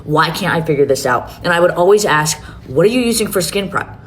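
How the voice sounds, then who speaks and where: A woman with a low-pitched voice speaks as the founder of her own beauty brand. She talks earnestly and swears freely, and a faint rumble sits under her voice. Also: animated, a little fast. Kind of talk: emotional announcement video.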